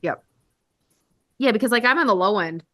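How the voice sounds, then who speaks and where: A woman's voice: mid-range voice, expressive, normal speed, a bit bright, dry recording. A woman hosting a telehealth livestream, chatting casually and joking at her own expense, with the odd swear.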